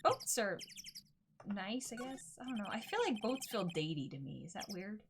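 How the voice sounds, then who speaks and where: A woman's voice: medium pitch, big pitch swings, normal speed, faint music behind. Chatty playful young woman gamer. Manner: chatty and playful, thinks aloud. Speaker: gaming streamer. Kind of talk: casual let's play commentary.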